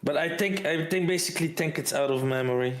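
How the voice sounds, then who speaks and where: A man chatting on a stream with friends, teasing them dryly while he works through a software bug. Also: on the high side, fast, reverberant. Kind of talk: casual chat.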